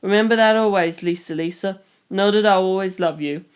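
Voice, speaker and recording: A reader doing a gentle, firm foster mother. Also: mid-range voice, brisk, clean tone, natural voice. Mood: comforting. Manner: soft, steady, reassuring. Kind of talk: audiobook reading.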